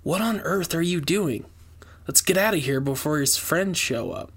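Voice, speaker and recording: A man's voice: a little high, animated, normal speed, slightly rough, voice pushed up. A dry, skeptical young woman, as a male narrator puts her on. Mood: impatient. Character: wry, blunt young woman investigator.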